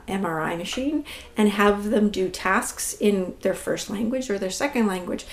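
A woman speaking as a language expert, explaining clearly and patiently in an interview. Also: mid-range voice, darkish tone.

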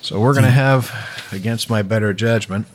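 A man's voice: on the low side, normal speed. A man hosting a tasting show, joking and rambling in casual banter. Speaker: host.

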